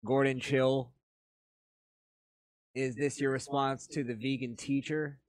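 A man's voice: mid-range voice, level tone, takes it slowly. Blunt, profane podcast co-host man. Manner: blunt, profane, reads news quotes aloud. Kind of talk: casual podcast banter.

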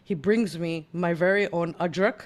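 Animated storyteller raised in the US. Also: mid-range voice, moderate pace. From United States. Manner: animated storyteller who acts out quoted dialogue. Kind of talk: casual panel conversation.

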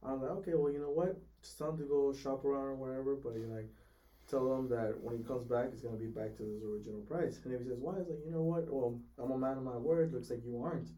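A man's voice: medium pitch, steady tone, warm tone, recorded from a distance. A man co-hosting a casual chat, telling car sales stories and acting out customers in quotes. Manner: fast-talking, acts out customers in quotes. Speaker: podcast co-host, car salesman.

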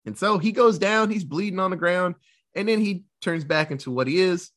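A man retelling a Western movie in casual chat, quickly acting out the characters' lines and laughing often. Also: sits high, fairly bright tone.

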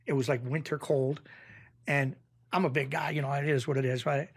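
A middle-aged man, a podcast guest telling rough street stories in a casual, animated way that keeps circling back on itself. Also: mid-range voice, fairly quick. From Springfield, Massachusetts. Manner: animated storyteller, rough street talk, repeats himself. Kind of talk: casual storytelling.

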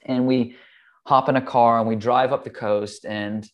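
A man's voice: mid-range voice, unhurried, muffled recording. A man who teaches meditation, speaking earnestly and casually as he explains ideas and tells a personal story, with the odd "um" and "like". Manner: earnest, relaxed, with "like" and "um". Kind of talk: conversational storytelling.

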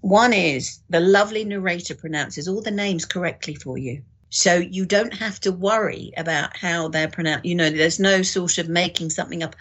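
A woman's voice: lowish voice, normal speed, few pauses, fairly bright tone, slightly rough. A woman, an audiobook director, explaining her work in a casual discussion with frequent restarts. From United Kingdom.

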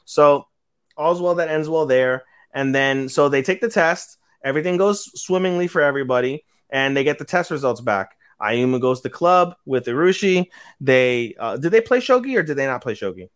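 A man's voice: medium pitch, lively intonation, moderate pace, clear, resonant tone, dry recording, clean studio sound. A man co-hosting a podcast, casually recapping an episode and acting out the characters' lines with sudden jumps in voice. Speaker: podcast co-host. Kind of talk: casual anime recap chat.

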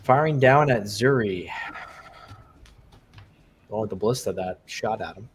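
Slow-talking man running a tabletop game. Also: on the low side, a little hiss or hum. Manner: relaxed, unhurried narration with many fillers. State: losing his voice. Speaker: game master.

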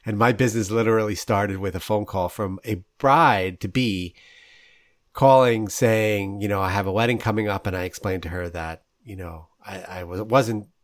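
A man's voice: fairly low pitch, normal speed, no echo, clean studio sound. A man, hosting a casual interview and telling stories with laughs. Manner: storytelling, animated, laughs often. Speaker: podcast host.

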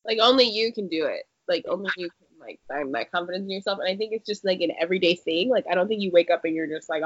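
Young woman podcast co-host, chatty, "like"-heavy, mid pitch, dull lo-fi audio. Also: animated, quick pace, hardly any pauses, a bit bright. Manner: chatty, says "like" constantly. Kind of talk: casual chat. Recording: dull lo-fi sound.

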